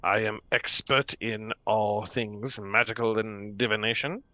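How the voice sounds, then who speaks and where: A man voicing a fussy, hushed professor trapped in a magic orb. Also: on the low side, steady tone, a little slow, dry recording. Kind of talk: tabletop role-play voice.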